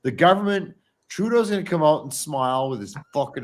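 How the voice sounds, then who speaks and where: A man's voice: medium pitch, sing-song, brisk. A man hosts a live show in a mid-range voice. He talks bluntly and swears freely, speaking straight to the viewers. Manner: blunt, profane, addresses viewers directly. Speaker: podcast host. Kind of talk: heated casual chat.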